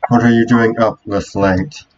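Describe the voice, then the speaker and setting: Proud young princess, curt and haughty; read by a man. Low voice, lo-fi recording. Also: steady tone, a little slow, faint music behind, close to an everyday voice. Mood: annoyed. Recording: dull lo-fi recording.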